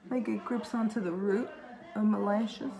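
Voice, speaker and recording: A woman's voice: mid-range voice, steady tone, normal speed, creaky, dark tone, low-quality recording. A young woman chatting casually through a makeup tutorial, rambling and talking to herself as she works. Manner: chatty, rambling, talks to herself while working. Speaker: beauty vlogger.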